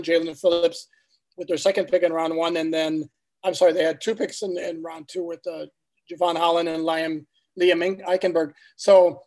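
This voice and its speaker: Man, higher voice, monotone, sports reporter, emphatic. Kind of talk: casual sports talk.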